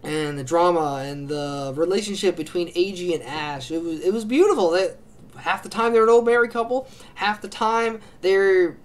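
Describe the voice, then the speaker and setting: High-voiced man gushing about favorites. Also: moderate pace. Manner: gushing, rambling, many fillers and restarts. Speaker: anime reaction channel host. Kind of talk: casual spoken ranking of favorite series.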